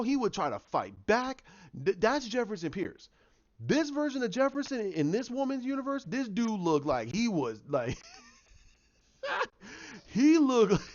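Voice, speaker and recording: A man casually breaking down a TV episode as a fan, excitable and acting out the characters' lines. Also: on the high side, highs cut off. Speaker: TV show reviewer.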